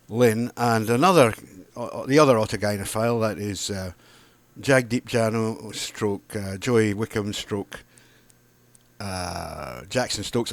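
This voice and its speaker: Guy venting at the camera, lively up-and-down voice, fiery and foul-mouthed. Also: medium pitch, no room sound. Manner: heated, sarcastic, swears freely. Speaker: video blogger. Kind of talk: angry ranting monologue to camera.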